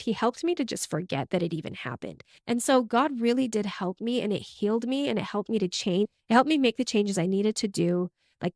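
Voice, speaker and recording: A woman's voice: medium pitch, a little mellow, dry recording, studio quality. A young adult woman and podcast host, telling her own story in a candid, emotional way with many "like" fillers. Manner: emotional, open, frequent "like" fillers.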